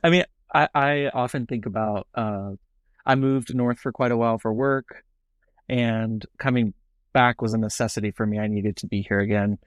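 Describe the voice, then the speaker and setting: A man's voice: medium pitch, moderate pace, smooth, dry recording. Easygoing Southern man hosting a chat. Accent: Southern American. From South Carolina. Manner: easygoing, thoughtful, with fillers. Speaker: podcast host. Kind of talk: casual interview conversation.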